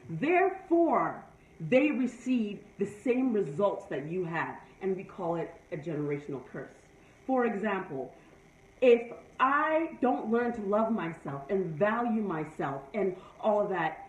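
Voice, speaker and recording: Addressing her live viewers, a woman with a mid-range, darkish voice delivers an emphatic, preachy motivational talk, going over her points repeatedly. The audio sounds dull and echoey, with her far from the mic.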